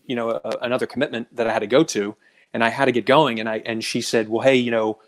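A man's voice: mid-range voice, steady tone, fast talker. A man as a guest in a casual dating chat, thinking aloud with hesitant restarts and sharing personal stories. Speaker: guest on a dating advice show.

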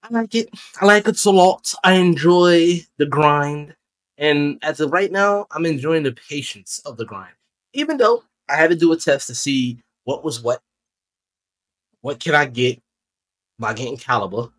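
A man's voice: fairly high pitch, lively intonation, measured pace, a bit bright. A young man casually reviewing a video game as a channel host, chatty and rambling, correcting himself as he goes. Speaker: gaming YouTuber.

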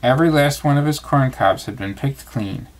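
A father reading a bedtime story aloud, calm and expressive. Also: medium pitch, moderate pace.

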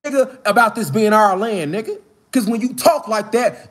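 Guy with a real high voice preaching outside, lots of slang, gets loud and shouty. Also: normal speed. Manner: street slang, builds to shouted emphatic preaching. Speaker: online spiritual speaker. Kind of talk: preaching-style monologue. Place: outdoors in the mountains.

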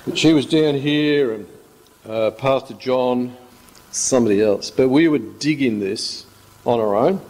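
A man's voice: mid-range voice, unhurried, darkish tone. A male pastor, giving an informal sermon full of rambling, joking stories. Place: church hall. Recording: echoey church hall.

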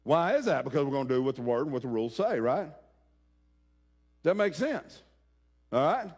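A man preaching a sermon, talking folksy and direct with the congregation and rising to shouts. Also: mid-range voice, very animated, moderate pace. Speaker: pastor.

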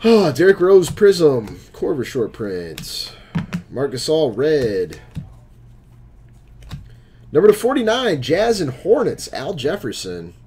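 A man's voice: fairly high pitch, wildly swooping pitch, takes it slowly, pauses often, warm tone, a little hiss or hum. A man hosting a live stream, opening packs of cards and chatting with viewers as he calls out each card.

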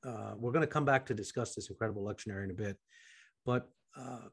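A man from Canada hosting a podcast interview, asking long, halting questions that trail off quietly. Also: on the low side, creaky, breathy edge, no echo, clean studio sound. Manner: halting, many fillers and restarts, trails off quietly. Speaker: podcast host.

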